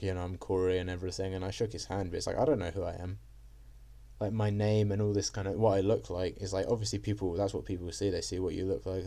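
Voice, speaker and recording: A man's voice: on the low side, warm tone. A young man vlogging in a rambling, self-deprecating monologue full of fillers. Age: young adult. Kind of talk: casual monologue.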